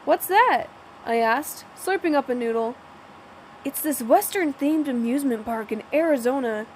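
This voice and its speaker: A woman's voice: high voice, moderate pace, a little mellow, slight background noise, poor audio. A woman reading a first-person novel aloud, often stumbling and restarting words. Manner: plain reading with frequent slips and restarts. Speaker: audiobook narrator.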